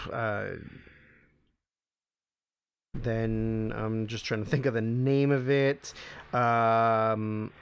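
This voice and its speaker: A man's voice: medium pitch, fairly bright tone, clear, resonant tone, dry recording. A man in his thirties, co-hosting a podcast and answering listener questions in a rambling, profane, casual way. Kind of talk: casual Q&A chat.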